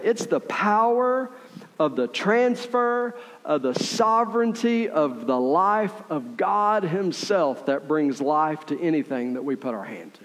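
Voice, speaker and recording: High-voiced preacher in a reverberant hall. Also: male voice. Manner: conversational preaching, frequent "right?" asides. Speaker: pastor. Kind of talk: sermon.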